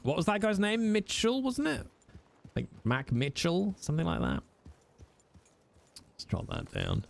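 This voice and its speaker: A man's voice: a little high, huge pitch swings, a little slow, vocal fry. A man, chatting casually with viewers on a live stream, jokey and teasing, with the odd swear.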